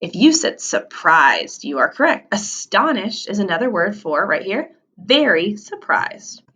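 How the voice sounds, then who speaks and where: A woman's voice: medium pitch, sing-song, a little slow, fairly bright tone, husky. A woman teaching a vocabulary lesson to young children, stretching out key words for emphasis.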